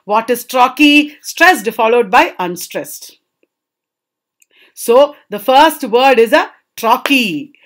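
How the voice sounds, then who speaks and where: Slow, high-voiced woman teaching poetry. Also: animated. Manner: slow, drawn-out poetry reading with checking questions to students. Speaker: literature teacher. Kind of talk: spoken literature lesson with poem reading.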